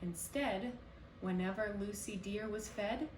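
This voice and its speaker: A woman baker reading picture books aloud at a children's story hour, expressive and lively. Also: mid-range voice, a little slow, slight background noise. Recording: roomy echo, distant mic, faint ambience.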